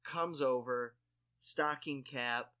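Bright-voiced man rambling through a story. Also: medium pitch, slow, smooth. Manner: rambling, full of "like" and restarts, self-mocking. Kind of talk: casual chat, telling a story.

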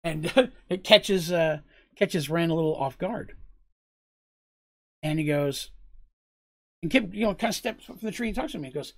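Husky man recounting a tabletop game. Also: on the high side, unhurried, pauses often, a bit bright. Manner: conversational, rambling, with frequent fillers.

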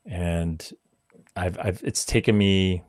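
Deep-voiced guy in his 40s, swearing, acting out quotes, dead dry sound. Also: slow pace, no echo. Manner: animated, swearing, acts out quotes. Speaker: podcast guest. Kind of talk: casual storytelling.

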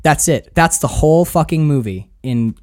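Podcast co-host, man, animated and loose, swears freely, drops into quick impressions of movie lines. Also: a little high, clean tone. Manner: animated, quoting film lines in put-on voices. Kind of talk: casual film discussion.

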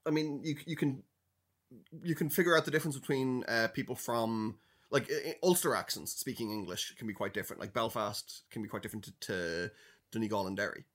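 A man's voice: mid-range voice, brisk, a bit bright. Irish male co-host, mid-range voice, thoughtful, feels his way through points. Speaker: podcast co-host. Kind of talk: casual chat.

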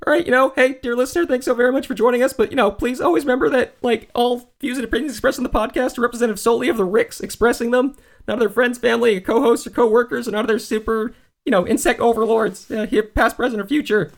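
A man's voice: very high-pitched, fast talker, vocal fry, pitched above the performer's own voice. A man voicing a nervous teenage boy sidekick from a cartoon, stammering through a podcast sign-off. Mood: nervous, rambling. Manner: stammering, filler-laden and nervous.

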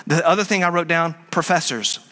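A middle-aged man delivers a sermon in an animated way. His voice is bright and sits a little high. He speeds up in bursts, mocks in higher voices and drops to a low hush for emphasis. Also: fairly quick. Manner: puts on mocking high voices. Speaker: pastor.

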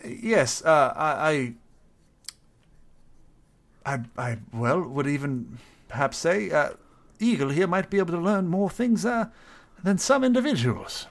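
A man's voice: on the high side, expressive, measured pace, vocal fry. A man playing his character in a tabletop game, hesitant and fussily polite, stammering often. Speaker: player.

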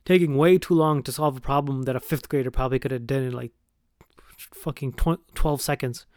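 A man's voice: medium pitch, steady tone, a little fast, a little mellow, no echo, clean studio sound. A young man telling a long, profane, rambling story in casual podcast chat, full of "like" and "right?". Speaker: podcast host.

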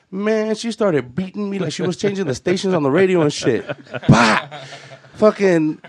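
A man's voice: high-pitched, lively intonation, normal speed, gravelly, no room sound. A man, doing a profane stand-up set full of street slang. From Los Angeles. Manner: profane, storytelling, Chicano slang. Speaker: stand-up comedian.

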